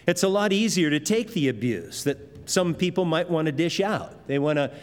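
A man's voice: fairly high pitch, expressive, normal speed. A pastor preaching a conversational, emphatic sermon and acting out the voices he quotes. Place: church. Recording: long hall reverb.

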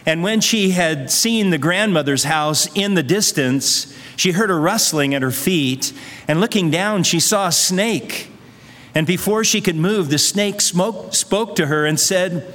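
A man's voice: high voice, a little slow, a bit bright. Earnest preacher man in a reverberant hall. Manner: conversational, earnest, uses fillers. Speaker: pastor. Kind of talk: sermon with storytelling.

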